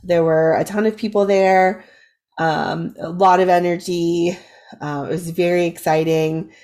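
Woman co-host, casual chat, lowish pitch, slightly raspy, filler-heavy. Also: unhurried. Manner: animated fan, many "like" fillers. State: raspy from recent illness. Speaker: podcast co-host.

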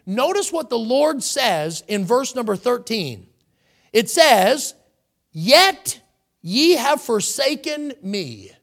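A man's voice: extremely high pitch, big pitch swings, slow, a bit bright. Male preacher in a church, voice swooping up and down a lot, reads scripture then pushes hard on the big lines. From United States. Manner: preaching with rising emphasis, reading scripture aloud. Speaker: pastor. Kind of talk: sermon. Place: church sanctuary.

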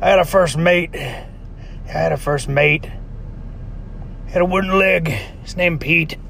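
A high-pitched, gravelly old pirate captain, hearty joke-teller. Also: male voice, measured pace, slight background noise. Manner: hearty, loud joke-telling pirate talk. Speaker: caller.

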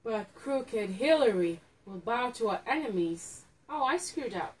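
A woman's voice: a little high, lively intonation, unhurried, a crowd in the background, rough recording. A woman co-hosting a casual chat, teasing her partner dryly while reading a children's book aloud to a phone. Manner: dry, teasing. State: just back from the gym.

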